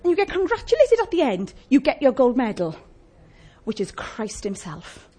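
A woman's voice: high-pitched, huge pitch swings, normal speed, warm tone, breathy edge. A woman preaching a sermon in a conversational way, often asking the congregation questions.

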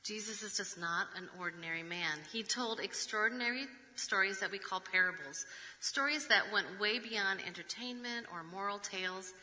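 A woman preaching a sermon, measured, reading scripture with rhetorical asides. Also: mid-range voice, sharp tone. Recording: long reverb of a large hall.

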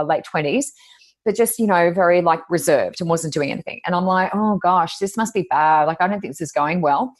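An Australian woman, a psychic medium and podcast co-host, chatting casually and telling animated stories with high-pitched exclamations. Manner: animated storyteller, acts out quotes with high exclamations. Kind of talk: casual chat.

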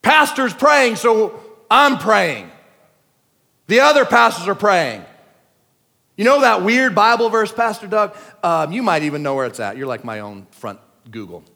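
A man preaching a sermon at a church service, talking in casual slang and swinging between shouting and quiet asides. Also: high voice, animated, unhurried, gravelly. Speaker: pastor. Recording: long church hall reverb.

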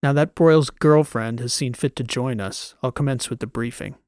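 A man's voice: medium pitch, moderate pace, a little mellow, dry recording, clean studio sound, close to an everyday voice. A man voicing a brusque, sardonic male special-ops commander in an audiobook, blunt and mocking as he barks orders. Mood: stern. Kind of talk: audiobook character voice.

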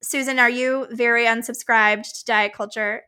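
A woman's voice: a little high, steady tone, moderate pace, pushed and bright, clear, resonant tone. A woman co-hosting a podcast as a dietitian, chatting casually with lots of filler words. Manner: chatty, many filler likes, laughs often.

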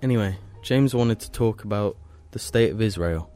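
A man's voice: lowish voice, moderate pace, mellow, soft background music. A man co-hosting a casual podcast, teasing and needling his friends. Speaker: podcast co-host.

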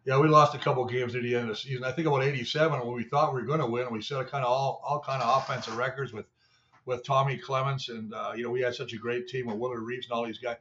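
A man's voice: medium pitch, steady tone, fast, fairly bright tone, dull audio. Older man, rambling salty sports talk. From Canada. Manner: rambling, salty storytelling with mimicry. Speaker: former player, show analyst.

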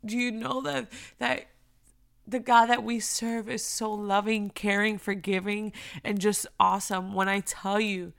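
A young woman giving a heartfelt, emotional faith talk, speaking earnestly and moving between near-whispers and loud emphasis. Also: mid-range voice, little pitch movement, a little slow, vocal fry.

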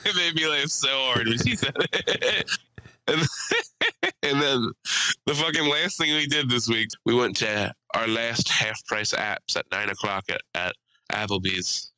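A man's voice: medium pitch, lively intonation, measured pace, bright, forceful tone, dry recording, rough recording. A young man co-hosting a casual podcast, telling stories with crude jokes and putting on voices. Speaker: podcast co-host. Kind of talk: casual chat.

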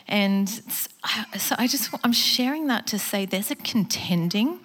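A woman's voice: on the low side, moderate pace, hardly any pauses, a bit bright. A woman giving a personal testimony as a guest speaker, speaking in an earnest, conversational way and acting out the voices in her story.

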